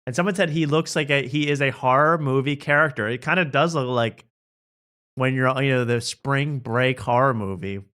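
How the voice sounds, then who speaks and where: A man's voice: medium pitch, normal speed, pushed and bright. A male late-night host with a mid-range voice chats casually about the clips he plays. He jokes easily and laughs often. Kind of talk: casual chat reacting to clips.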